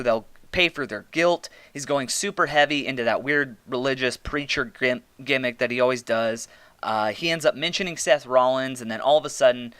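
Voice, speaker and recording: A man's voice: mid-range voice, a bit bright, smooth, no echo. A man hosting a podcast, giving a casual review monologue full of blunt, swearing, exasperated rants. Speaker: podcast host reviewing wrestling.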